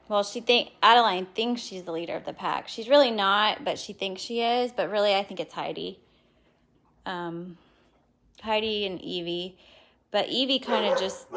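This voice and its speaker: Woman, home dog breeder, casual live chat, coos at the dogs, phone mic, faint hiss. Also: fairly bright tone. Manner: chatty, talks to her dogs in a high coaxing voice.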